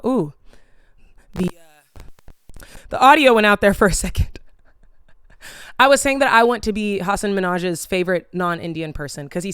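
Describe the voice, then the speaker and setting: A young woman talks to the camera in a loose, wandering way, full of fillers and casual swearing. Her voice is exceptionally smooth and clean. The sound is dry and close, with no room around it. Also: on the low side, no echo. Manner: chatty, tangent-prone, loses her train of thought. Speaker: vlogger. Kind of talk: casual rambling chat to camera.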